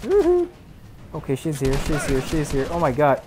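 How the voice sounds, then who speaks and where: A young man giving excitable, chatty commentary while streaming a shooter game, dropping to mumbles and then bursting out loud. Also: mid-range voice, fairly quick. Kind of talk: live gameplay commentary.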